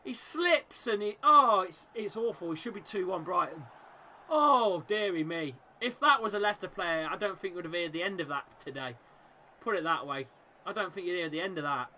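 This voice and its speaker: A man hosting a live fan watchalong, commentating on the match and shouting encouragement at his team. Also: high voice, lively intonation, moderate pace, slight background noise. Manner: chatty, reacting and laughing at misses. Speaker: football fan watchalong host.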